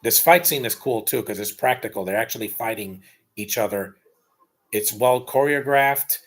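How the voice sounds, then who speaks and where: A man's voice: on the low side, moderate pace. A man giving casual, blunt and rambling live commentary while rewatching a film. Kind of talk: casual opinionated watch-along commentary.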